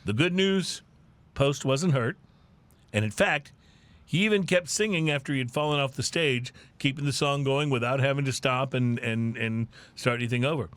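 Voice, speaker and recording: A man's voice: mid-range voice, normal speed, a bit bright, no room sound. A man hosting a playful drinking-news segment on a podcast, reading stories with theatrical, punny delivery.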